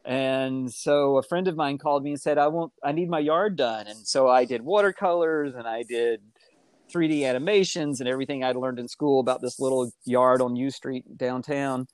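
A middle-aged man telling his life story in casual conversation, animated and acting out the voices he quotes. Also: moderate pace, clear, resonant tone, no echo. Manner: animated, acts out quoted voices with big pitch jumps.

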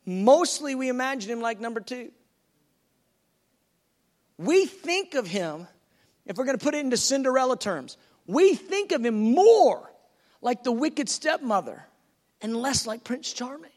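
A man preaching a teaching sermon in an animated, conversational way, acting out quotes as he goes. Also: very high-pitched, unhurried.

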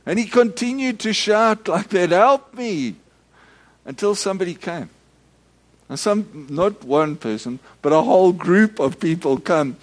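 A middle-aged Methodist minister, giving a storytelling sermon full of restarts and acted-out shouts. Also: male voice, high-pitched, lively intonation, moderate pace. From South Africa.

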